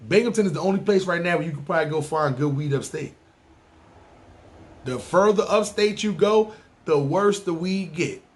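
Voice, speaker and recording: Male podcast host, NYC accent, slightly high voice, loose profane street monologue. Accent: New York City. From New York City. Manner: animated, profane street talk. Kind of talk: casual monologue ranking places.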